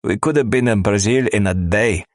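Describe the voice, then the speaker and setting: A man voicing rough, gruff smugglers. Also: low voice, steady tone, measured pace, no echo, studio quality. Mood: griping. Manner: crude, menacing, tough-talking. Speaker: audiobook narrator. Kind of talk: scripted audiobook narration.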